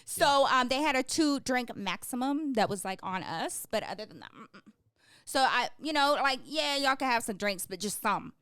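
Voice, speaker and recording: A young adult woman co-hosts a podcast, spinning stories in casual conversation and acting out what people said. She's an animated storyteller who performs the quotes and laughs often. Her voice is a little high at a normal speed, with a clean, echo-free, studio-quality sound.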